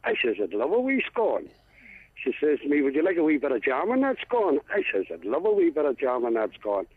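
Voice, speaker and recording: A man with a Northern Irish accent calling in to a radio show, telling a long joke in a halting, deadpan way. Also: a little high, slightly rough, dry recording. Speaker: phone-in caller. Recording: tinny phone line.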